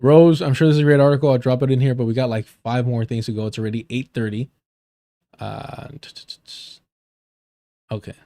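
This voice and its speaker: Profane, joking streamer with a mellow voice. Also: male voice, mid-range voice, flat delivery, quick pace, no echo. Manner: profane, joking asides between reading. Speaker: livestream host. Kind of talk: casual livestream commentary, reading an article aloud.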